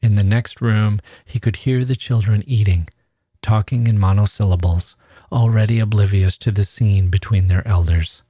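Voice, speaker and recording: A low-voiced man reads a literary story aloud in a measured, steady way. The sound is dry and close, with no room around it. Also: husky, dry recording. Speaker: podcast host reading a story.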